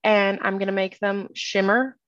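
A woman's voice: medium pitch, steady tone, moderate pace, a bit bright, dull audio. A woman guest player who describes her character in a rambling, hesitant way. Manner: rambling, hesitant, many fillers. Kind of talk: casual tabletop game chat.

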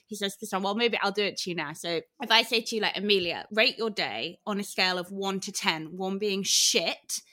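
A woman's voice: medium pitch, a little fast, few pauses, sharp tone. A woman hosting a podcast, talking frankly in casual chat, swearing freely and laughing easily. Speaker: podcast host.

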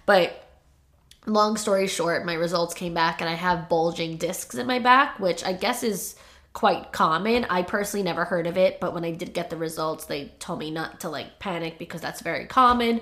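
A woman's voice: fairly low pitch, moderate pace, a bit bright. A young woman hosting a podcast, confiding about her life in a rambling way, still choked up from crying. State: choked up, tearful. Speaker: podcast host. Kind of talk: casual personal monologue.

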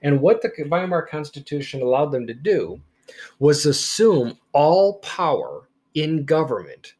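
A man teaching history in a podcast lecture, speaking emphatically and deliberately and stressing key words. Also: fairly high pitch, very animated, darkish tone.

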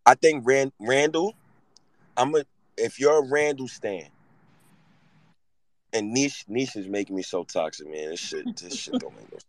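A man in his thirties hosting a podcast, excitable and profane, with big swings in pitch and loudness. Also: measured pace, pauses often, rough recording. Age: 30s. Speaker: podcast host. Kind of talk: casual chat.

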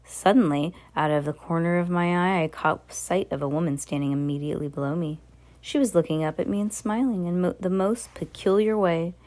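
Deep-voiced woman reading a storybook. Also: steady tone, a little fast, darkish tone. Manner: earnest, with small slips and restarts. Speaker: reader. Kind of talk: reading a children's novel aloud.

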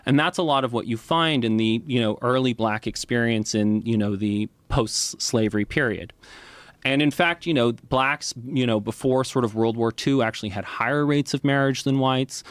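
A man's voice: medium pitch, normal speed, clean tone, no echo. A man in casual conversation, explaining ideas at length and often checking in with "right?" and "you know.". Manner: lively, frequent "right?" and "you know" fillers.

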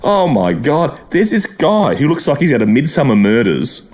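A middle-aged Australian man chatting as a podcast guest, telling lively stories and breaking into laughs and quick impressions. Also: medium pitch. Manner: animated storytelling with impressions and laughter. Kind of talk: casual chat.

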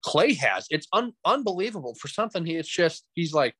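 A man co-hosting a podcast, chatting casually about sports with animated, joking stories. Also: a little high, fairly quick, breathy edge, dry recording, rough recording. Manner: animated storytelling with joking asides. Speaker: podcast co-host.

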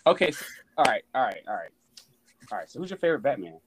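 A man's voice: mid-range voice, big pitch swings, quick pace, breathy edge. A man co-hosting a casual podcast, hyped and playful, with many short interjections. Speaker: podcast co-host. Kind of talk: casual chat.

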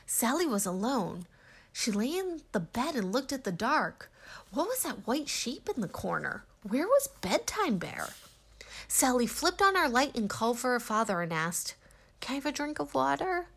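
A woman narrating a children's storybook aloud with gentle, expressive reading. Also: fairly high pitch, measured pace, husky.

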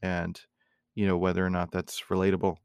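A man hosting his own podcast, talking in a rambling, reflective way with many fillers and restarts, in a low morning voice. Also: completely flat delivery, a little fast, creaky, clean tone, dry recording. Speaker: podcast host. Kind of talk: casual solo podcast monologue.

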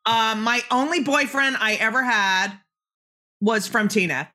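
A woman's voice: fairly high pitch, a little slow, pushed and bright. Brash, joking woman host. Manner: brash, joking, swears freely. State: phlegmy throat. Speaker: podcast host. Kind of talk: casual interview chat.

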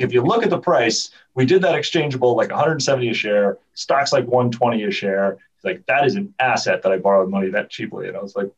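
A man guesting on a podcast who chats casually and tells stories in an animated way, full of restarts. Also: medium pitch, fast talker, slight background noise. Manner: animated storyteller, many restarts. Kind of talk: casual chat. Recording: dull, distant remote audio.

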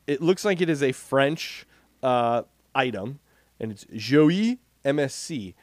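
A man co-hosting a podcast in casual chat, a playful, animated storyteller. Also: medium pitch, a little slow, no room sound. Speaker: podcast co-host.

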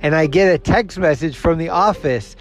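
With faint music behind him, a man hosting his own program delivers a casual, rambling monologue about something that happened to him. His voice is fairly high and his pace moderate. He plays out the other characters' dialogue with animation, swears liberally and chuckles at himself.

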